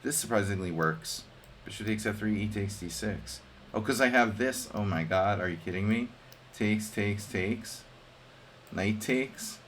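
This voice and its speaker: A man talks through his chess moves on a live stream in a relaxed, joking way, often thinking aloud. His voice sits a little low. He chats with his viewers between variations. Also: a little slow, a little hiss or hum. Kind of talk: casual live-stream commentary.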